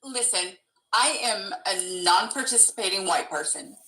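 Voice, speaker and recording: A woman's voice: medium pitch, lively intonation, unhurried, bright, forceful tone, reverberant, rough recording. A woman speaking earnestly and a little hesitantly in casual chat. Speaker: guest on a live stream.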